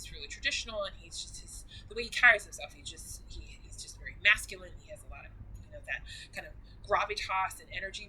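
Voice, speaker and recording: A woman's voice: medium pitch, bright, forceful tone, slight background noise, low-quality recording. A woman vlogger chatting casually and gushingly, rambling with many restarts. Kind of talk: casual chat.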